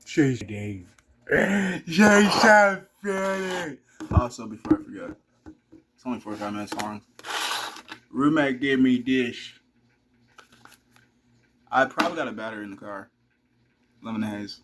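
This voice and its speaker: A man's voice: lowish voice, moderate pace, pauses often, noisy background. A young man rambling casually to camera, swearing freely and talking to his dog between thoughts. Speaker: vlogger.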